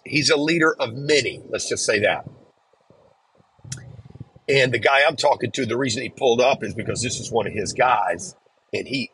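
A middle-aged man hosting a podcast, telling a story in a reflective, measured way and acting out the lines he quotes. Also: medium pitch, a bit bright, breathy edge, poor audio. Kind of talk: casual storytelling.

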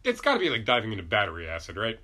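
A man's voice: fairly low pitch, wildly swooping pitch, racing, pushed and bright. A man co-hosting a podcast in casual banter, crude and sarcastic with lots of swearing. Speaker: podcast co-host.

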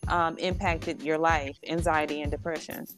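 Woman, podcast host, lowish voice, gentle questions with fillers, faint music in the background. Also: level tone, moderate pace. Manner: gentle, with many soft fillers. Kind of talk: podcast interview.

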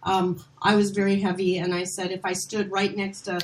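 A middle-aged woman from Minnesota, a casting director, telling animated, self-deprecating stories in a rambling chat. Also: mid-range voice, normal speed, noisy background. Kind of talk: casual storytelling chat.

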